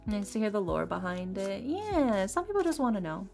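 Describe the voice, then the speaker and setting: A woman's voice: mid-range voice, lively intonation, moderate pace, creaky, a little mellow. A woman from Texas chatting casually with her viewers while she streams tarot readings. She has an easygoing, rambling way of talking and often restarts words. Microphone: desk mic on a live stream. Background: faint lofi music.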